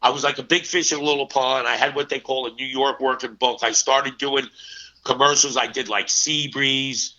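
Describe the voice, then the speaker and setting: Bright-voiced New man telling stories. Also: mid-range voice, normal speed. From New Jersey, US. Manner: animated anecdotes with quoted voices. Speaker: actor guest. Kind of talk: casual storytelling interview. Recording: muffled lo-fi audio.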